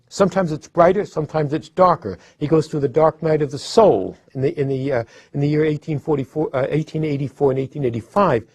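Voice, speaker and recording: A man's voice: on the high side, a little mellow, slightly rough, dry recording. A man, a literary scholar, explaining a poet's life and work in a thoughtful lecture style, often restarting his sentences and leaning on stressed words. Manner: thoughtful, with frequent restarts and hesitations.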